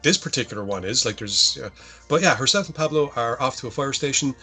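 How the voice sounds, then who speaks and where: A man's voice: mid-range voice, lively intonation, fast talker, pushed and bright, faint music behind. A man co-hosting a podcast, rambling and swearing as he recaps a horror film. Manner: rambling, profane, self-correcting. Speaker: podcast co-host. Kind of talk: casual chat, recapping a film.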